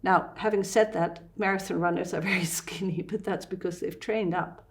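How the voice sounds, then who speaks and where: A woman fasting doctor with a Dutch accent, explaining fitness and breathing in an interview with lively asides. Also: fairly low pitch, noisy background.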